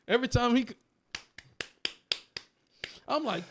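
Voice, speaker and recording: Animated young man on a wrestling podcast. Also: fairly high pitch, brisk, background noise. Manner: animated, swearing, laughs often. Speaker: podcast co-host. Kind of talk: casual chat.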